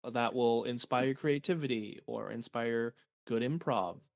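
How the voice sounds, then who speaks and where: Gravelly man co-host. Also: mid-range voice, unhurried. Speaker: podcast co-host. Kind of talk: casual podcast chat.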